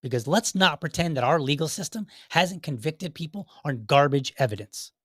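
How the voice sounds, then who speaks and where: A podcast host delivers a heated, combative monologue of opinionated commentary, firing off rhetorical questions and mockingly mimicking his critics in put-on voices. His voice is fairly high, bright, and slightly rough, animated at a normal speed. The studio recording is clean, with no room sound.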